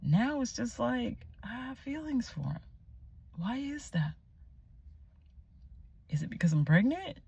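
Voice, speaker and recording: In her testimony vlog, this young Christian woman has a fairly high, gravelly, husky voice and an unhurried pace with long pauses. She is animated and chatty, frequently dropping to almost a whisper as she gropes aloud for the right words.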